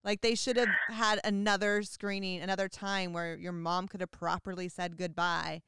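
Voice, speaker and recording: Woman podcast host, casual and gushing, lower voice with a sharp, bright edge. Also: little pitch movement, normal speed, smooth, no room sound, studio quality. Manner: gushing, filler-heavy. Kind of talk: casual chat.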